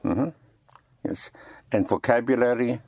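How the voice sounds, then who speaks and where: A man's voice: mid-range voice, measured pace, a little mellow, dry recording. A man teaching French vocabulary, patiently repeating each word and spelling it out letter by letter. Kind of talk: language lesson.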